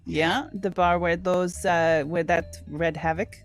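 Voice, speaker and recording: A woman voicing a bumbling male French police inspector with a put-on French accent, questioning in halting, rambling sentences. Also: on the low side, fairly even intonation, soft background music. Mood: probing. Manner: halting, meandering interrogation with many pauses.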